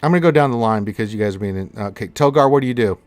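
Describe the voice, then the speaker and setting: A man's voice: medium pitch, rapid-fire, no room sound, faint music behind. A man narrating as dungeon master in a tabletop game, casual and laughing now and then. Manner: casual, laughs often, fillers while narrating.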